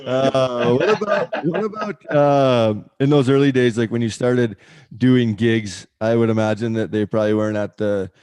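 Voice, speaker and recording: A man's voice: medium pitch, normal speed, darkish tone, clean tone, dry recording. A man hosting a podcast who asks his guest loose, profane questions. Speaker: podcast host. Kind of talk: casual podcast chat.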